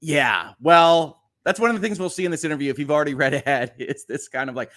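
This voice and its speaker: A man's voice: a little high, lively intonation, fast talker, hardly any pauses, pushed and bright. Upbeat chatty male stream host. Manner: upbeat and chatty, laughing often. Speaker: livestream host and lawyer. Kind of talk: casual live-stream chat, reading viewer comments.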